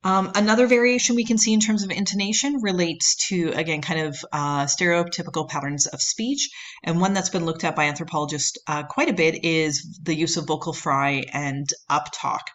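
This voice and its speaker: A woman's voice: fairly low pitch, steady tone, brisk, a bit bright. A woman lecturing on anthropology, explaining at length with many fillers and "right?" checks. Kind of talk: recorded lecture.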